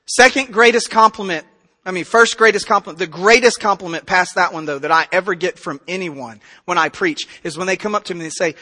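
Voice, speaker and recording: High, bright-voiced man preaching in a hall. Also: a little fast. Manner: impassioned, swings between loud emphasis and quiet intensity. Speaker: pastor. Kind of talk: sermon. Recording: reverberant hall.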